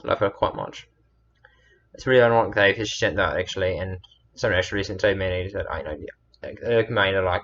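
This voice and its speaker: A man's voice: deep voice, fast talker, a bit bright, muffled recording. A man telling a personal story in a meandering, earnest way, often correcting himself. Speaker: storyteller vlogger.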